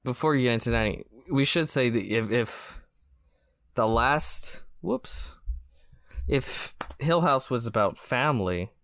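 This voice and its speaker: A man's voice: medium pitch, expressive, measured pace, fairly bright tone, no echo. A man from the United States co-hosting a podcast, joking sarcastically and swearing casually. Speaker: podcast co-host.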